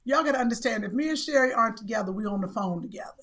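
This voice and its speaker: A woman co-hosting a podcast in casual, teasing chat, with a relaxed lilt. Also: fairly high pitch, racing. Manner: teasing, chatty. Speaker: podcast co-host.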